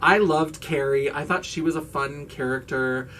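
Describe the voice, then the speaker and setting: A man's voice: a little high, moderate pace, sharp tone, distant mic, slight background noise. Gushing campy man vlogging, mic set back. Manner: gushing, campy and swearing freely. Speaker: vlogger host. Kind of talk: casual chat to camera.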